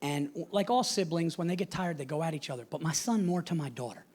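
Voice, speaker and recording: A middle-aged man doing a stand-up set on stage, telling a loud, brash story full of swearing and acted-out quotes. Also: on the high side, fast. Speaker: stand-up comedian. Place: large theater with live audience. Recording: live show with loud audience laughter. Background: audience laughing.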